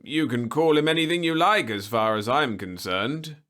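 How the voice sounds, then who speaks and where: A man's voice: medium pitch, normal speed, fairly bright tone, voice pushed up, close to an everyday voice. A man doing a listless, pampered city weakling. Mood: weary, mild. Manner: listless, plaintive, mildly haughty. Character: frail, pampered, weary young city man. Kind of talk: storybook reading.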